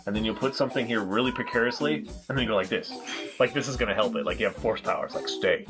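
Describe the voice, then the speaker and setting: A man with a fairly low voice chats casually as co-host of a review show. He rambles through his points with plenty of fillers and now and then slips into silly put-on voices. Music plays behind him. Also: racing. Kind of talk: casual chat.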